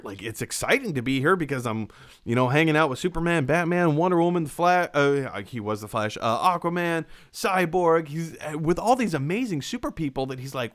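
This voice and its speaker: Animated man chatting about films. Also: on the high side, brisk. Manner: animated, reads viewer comments, acts out quotes. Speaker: movie discussion host. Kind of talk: casual live-stream chat.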